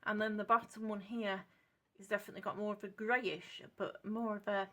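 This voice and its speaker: A woman with a British accent chatting at her home craft desk while she tests paints. She rambles, corrects herself and drops into soft asides. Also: mid-range voice, little pitch movement, a little fast. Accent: British English. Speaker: craft channel host testing paints. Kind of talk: casual craft demonstration chat. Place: home craft desk lit by a clip-on lamp.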